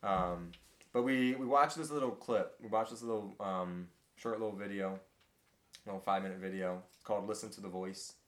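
Bright-voiced man leading a Bible study. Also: on the low side, echoey room. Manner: halting, many fillers and restarts. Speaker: group study leader. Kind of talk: casual Bible study discussion.

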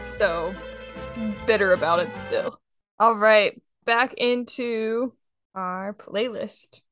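A young woman co-hosting a podcast, telling stories in a casual, giggly, animated way. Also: mid-range voice, slow pace, soft background music. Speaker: podcast co-host. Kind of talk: casual chat.

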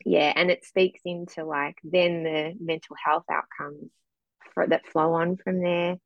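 Low, gravelly woman on lo-fi audio. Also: steady tone, unhurried, no room sound. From Australia. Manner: earnest, reflective, with frequent um fillers. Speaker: guest musician. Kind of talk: candid conversational interview.

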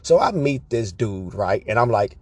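A man with a husky voice tells casual stories to his viewers, animated and loose with his swearing. He is recorded dry and close, with no room around him. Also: fairly low pitch, moderate pace, dry recording. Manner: animated, profane, tag questions like "right?". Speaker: vlogger. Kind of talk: casual storytelling monologue.

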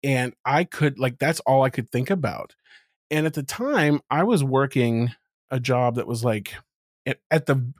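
A man's voice: medium pitch, a little mellow, no room sound, studio quality. A man co-hosting a podcast in casual chat, candid and self-mocking, who laughs often and acts out what other people said. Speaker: podcast co-host.

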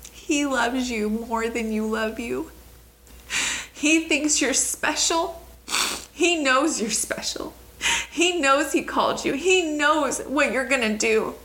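A woman hosting and preaching a devotional teaching, fervent and emphatic, talking straight to the listener and swinging between soft words and exclaiming. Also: sits high, slight background noise. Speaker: host and preacher.

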